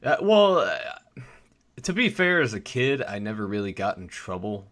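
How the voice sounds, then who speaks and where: A man co-hosting a podcast, chatting casually about a movie in a hesitant, halting way. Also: lowish voice, big pitch swings, fairly bright tone. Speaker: podcast co-host.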